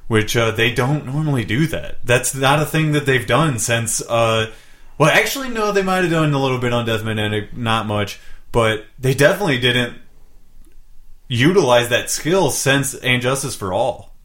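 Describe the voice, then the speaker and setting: A man's voice: mid-range voice, expressive, normal speed, fairly bright tone. A laid-back American man hosting a casual podcast chat about music, rambling a little and swearing freely.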